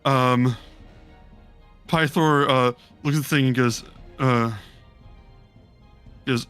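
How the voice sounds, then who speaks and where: A man's voice: medium pitch, fairly even intonation, slow, pauses often, fairly bright tone, smooth, faint music behind. Rambling male game master. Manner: rambling, filler-heavy narration. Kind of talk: narrating a tabletop game.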